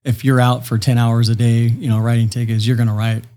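A man who is a police officer, speaking as a guest in a mid-range voice. He explains procedure in a measured, patient way and pauses often to find his words. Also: mid-range voice, level tone, dark tone. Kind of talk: interview answers.

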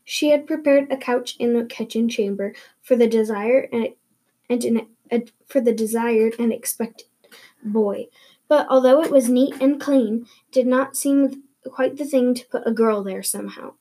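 A woman's voice: a little high, a little slow, warm tone, breathy edge. A woman reading a novel aloud, stumbling and restarting often. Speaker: reader.

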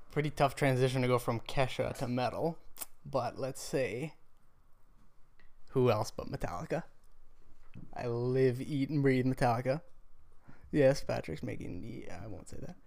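A man chatting casually as a podcast guest, laid-back and quick to laugh, sounding a bit tired. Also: medium pitch, creaky, a little mellow. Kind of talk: casual chat.

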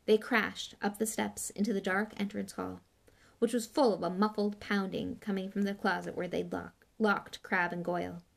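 Gravelly-voiced woman reading a novel aloud. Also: medium pitch, little pitch movement, normal speed. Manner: plain reading with small slips and restarts. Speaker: audiobook reader.

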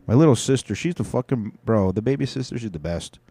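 A man's voice: mid-range voice, animated, fast talker, warm tone, slightly rough. A young man, a comedian, casually rambling through a profane, boastful recap of his week. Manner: profane, digressive, swaggering.

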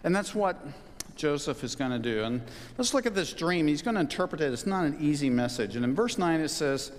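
A man's voice: on the high side, animated, fairly quick, in a large hall. A man preaching a sermon as a pastor, emphatic, repeating key phrases for stress.

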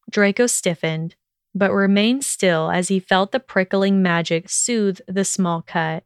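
A woman narrating a fan fiction story in a steady, even storytelling manner. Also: medium pitch, unhurried, clear, resonant tone, no echo, clean studio sound.

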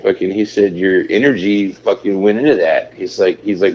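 A man's voice: deep voice, brisk, hardly any pauses. A man in casual podcast chat, telling a story loosely with lots of swearing and laughter. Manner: profane, storytelling, laughs often. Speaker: podcast host. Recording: lo-fi with faint noise.

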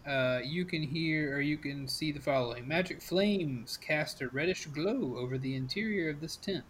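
A man narrating as game master in a casual, quick way with many fillers. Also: on the high side, fairly bright tone, slight background noise.

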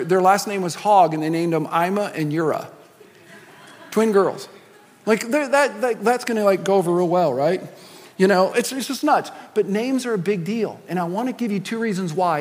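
A middle-aged male pastor with a high voice preaches in a conversational, joking tone, full of asides and quips. His words ring out with a long reverb in a large church hall. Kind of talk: sermon.

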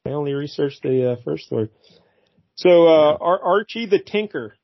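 A man's voice: on the high side, animated, moderate pace, dry recording. A man hosting a podcast, chatting casually about comics in a rambling way and chuckling often. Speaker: podcast host. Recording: dry, slightly dull lo-fi mic.

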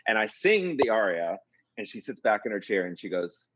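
A man who produces music and coaches voice, telling stories in a casual interview, jokey and animated, often restarting his sentences. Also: on the low side, brisk, slight background noise. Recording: dull lo-fi dry recording.

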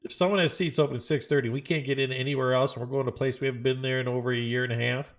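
Gravelly chatty man telling stories. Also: medium pitch, fairly even intonation, rapid-fire. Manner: rambling, chatty, acts out dialogue in other voices. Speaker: podcast host. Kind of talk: casual storytelling monologue.

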